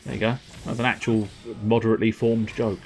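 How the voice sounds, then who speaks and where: A man's voice: lowish voice, level tone, brisk, gravelly, darkish tone, faint music behind. A man streaming a game, rambling through self-mocking, sweary commentary at his desk mic. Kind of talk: casual gameplay commentary.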